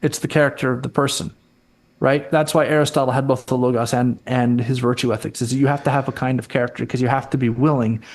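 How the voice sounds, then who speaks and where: A man's voice: medium pitch, steady tone, fast. A man appearing as a returning guest in a casual interview, arguing his points and repeating words as he builds them, while losing his voice.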